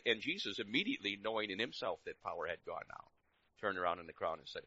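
A middle-aged man preaching a sermon, swinging between loud emphatic lines and quiet asides. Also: lowish voice, lively intonation, quick pace, no echo. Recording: dull lo-fi recording.

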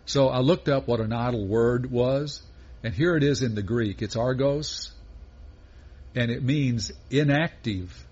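A pastor delivers a sermon in a husky, slightly breathy voice, speaking at a mid pitch. He works through his points in a measured way and poses question after question to his listeners. The recording sounds dull and lo-fi. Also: darkish tone. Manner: measured preaching with rhetorical questions.

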